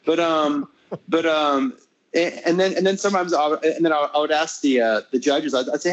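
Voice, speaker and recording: A man's voice: a little high, a little fast, highs cut off. An American man, a classical guitarist in a casual interview, talking in long rambling stretches full of restarts and fillers. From United States. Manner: rambling, many restarts and fillers, animated when retelling.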